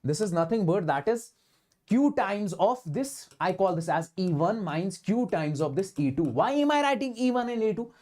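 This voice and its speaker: A man's voice: high-pitched, animated, moderate pace, darkish tone. A man with an Indian accent teaching physics in an online exam-prep lecture, repeating himself emphatically and slipping Hindi words into his English.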